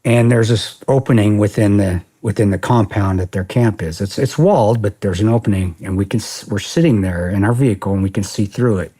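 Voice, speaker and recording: A man in his forties tells a story as a podcast guest. His low, husky voice stays blunt and profane, and he keeps acting out what people said. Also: brisk, hardly any pauses. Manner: profane, blunt, animated retelling with quoted dialogue. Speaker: podcast guest, former security contractor. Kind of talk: storytelling in a casual interview.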